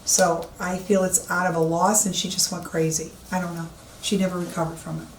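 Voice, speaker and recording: Speaking a little fast, with a voice on the low side and little pitch movement, a female psychic medium describes her walk through an abandoned old police station indoors. She is emphatic and repeats points. The space sounds echoey, and a faint hiss runs underneath.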